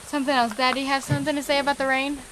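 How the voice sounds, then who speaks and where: Chatty young woman, high voice. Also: level tone, very fast, fairly bright tone, a little hiss or hum, low-quality recording. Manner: chatty, candid and rambling. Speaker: vlogger. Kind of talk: casual vlog updates. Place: outdoors on a canyon hiking trail and campground.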